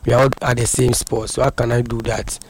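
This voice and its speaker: A man talks haltingly in a radio interview, circling back over his words. His voice stays flat and level, with little rise or fall. The recording is noisy. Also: medium pitch. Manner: halting, repetitive speech. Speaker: boxer guest.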